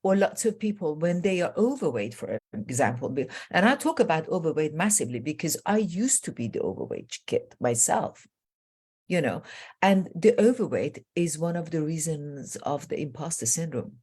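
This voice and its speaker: Woman, low voice, middle-aged, transformational coach, animated earnest storyteller. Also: moderate pace, slightly rough. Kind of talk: interview guest telling stories.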